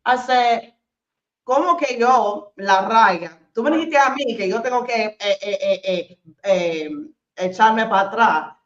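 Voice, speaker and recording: A woman host telling an animated story in casual chat, swearing casually and dropping into Spanish as she goes. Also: fairly high pitch, unhurried, reverberant, dull audio.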